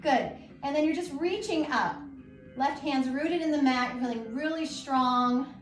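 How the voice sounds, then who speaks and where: A woman guiding a yoga class at home, calm and encouraging as she talks listeners through each pose. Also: sits high, unhurried. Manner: calm, encouraging, gently instructive. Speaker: yoga instructor. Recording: echoey room with faint music.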